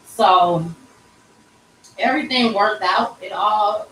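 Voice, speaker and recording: A woman's voice: medium pitch, takes it slowly, a bit bright, a little hiss or hum. A woman in her thirties hosting a livestream, telling a personal story candidly and casually and talking straight to her viewers. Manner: candid and conversational, addressing viewers as y'all. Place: tattoo shop. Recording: echoey room, mic at a distance.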